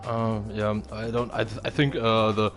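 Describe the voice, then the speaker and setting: A man's voice: on the low side, level tone, moderate pace, a bit bright, faint music behind. A man commentating a racing stream in casual chat, hesitant and full of fillers.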